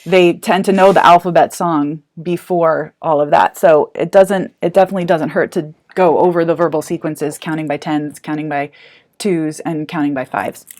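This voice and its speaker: A woman teacher with a fairly low voice walks parents through a hands-on counting activity. She is chatty and encouraging, and she thinks aloud as she goes. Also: steady tone, moderate pace, darkish tone. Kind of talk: explaining a math activity to parents.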